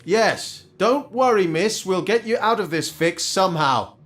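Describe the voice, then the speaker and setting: A man playing a reassuring adventurer hero in a video game, gentle in manner. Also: high voice, animated, measured pace.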